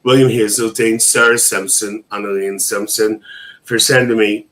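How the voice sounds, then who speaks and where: A man's voice: on the low side, steady tone, normal speed, a bit bright, low-quality recording. A man hosting a casual livestream, reading viewers' comments aloud in an emotional, chatty way with frequent laughter. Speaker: livestream host.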